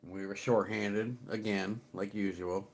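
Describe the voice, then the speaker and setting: Speaking unhurriedly in a lowish voice with little pitch movement, a middle-aged livestream host rambles casually as he says hello to his viewers, cursing now and then.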